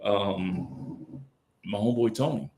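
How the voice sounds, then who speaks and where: A middle-aged man speaking as a podcast guest, telling colloquial stories, acting out other people's lines, and swinging from loud bursts to hushed asides. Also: fairly low pitch, slow. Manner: colloquial, quotes others in character. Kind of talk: casual storytelling on a podcast.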